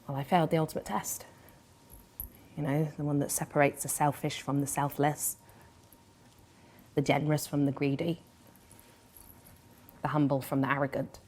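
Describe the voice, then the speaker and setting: A man's voice: a little high, flat delivery, moderate pace, pauses often, a little mellow, a little hiss or hum, lightly acted. A man playing a weary, self-pitying djinn who talks in wry, grand phrases. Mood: rueful. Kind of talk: comedy sketch character.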